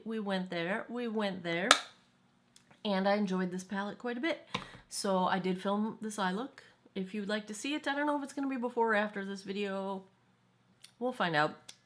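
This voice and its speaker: A woman talks through her makeup in a loose, rambling vlog, tossing in quick asides. Her voice sits at an ordinary middle pitch and is recorded close on a phone held at arm's length. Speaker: beauty vlogger. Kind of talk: casual makeup review vlog.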